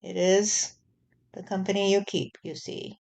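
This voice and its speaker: A woman channeling God as a stern male deity warning humanity, speaking in a slow, measured way and often repeating "you see". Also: medium pitch, steady tone, gravelly, a little mellow. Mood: solemn. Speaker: spirit channeler. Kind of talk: channeled spirit message.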